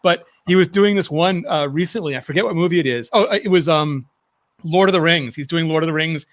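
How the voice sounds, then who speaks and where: A man on a video call who talks quickly and eagerly, his voice sitting a bit high. He recounts things in a rush of casual chat. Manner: eager, rapid storytelling.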